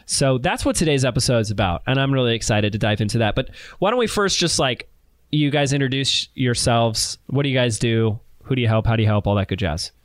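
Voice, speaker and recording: A man's voice: mid-range voice, lively intonation, a little fast. A man hosting a podcast who talks emphatically and repeats key phrases for effect. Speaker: podcast host. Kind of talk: enthusiastic podcast interview.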